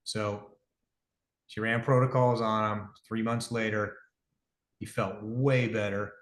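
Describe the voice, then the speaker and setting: A middle-aged man, the founder of a device company, speaks slowly and steadily in a fairly low voice as an interview guest. He rambles casually, correcting himself as he goes, and is earnest about his business. The recording has a roomy echo.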